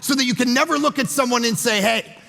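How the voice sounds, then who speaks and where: High, gravelly-voiced pastor in a hall. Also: male voice, fast talker. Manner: storytelling, animated, acts out quotes. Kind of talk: sermon. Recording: long hall reverb.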